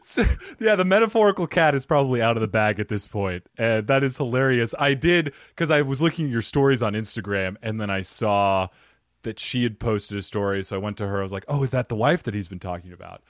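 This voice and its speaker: A man's voice: medium pitch, fairly quick, no echo, clean studio sound. A man hosting a podcast, chatting playfully with his guest and laughing often. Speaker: podcast host. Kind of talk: casual podcast interview.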